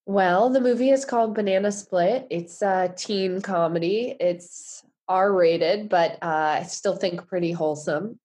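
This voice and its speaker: A woman's voice: mid-range voice, a little slow, hardly any pauses, a little mellow. A woman guest on a remote podcast interview, talking easily and laughing lightly. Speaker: guest writer. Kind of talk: casual interview chat. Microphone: remote recording.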